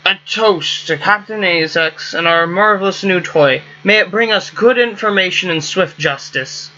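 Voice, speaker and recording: A formal male starship crewmate from a space game, read out by a man in his own bright, fairly high voice. The lines come plainly, and the recording is a little muffled with a faint hiss. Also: a little slow. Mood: toasting. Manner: plain read-aloud delivery.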